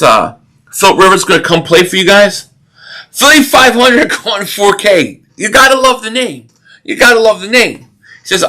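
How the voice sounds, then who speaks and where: A man hosting a live stream watch party, chatting casually with viewers and ranting opinionatedly about football with frequent restarts. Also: sits high. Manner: opinionated, animated sports rant with repeated restarts. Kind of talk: casual live stream chat, reading super chats.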